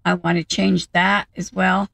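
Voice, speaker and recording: A woman's voice: on the low side, level tone, a little slow, gravelly, fairly bright tone, no room sound, rough recording. A woman hosting a gaming video, chatting casually and thinking aloud as she plays. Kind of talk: casual game commentary.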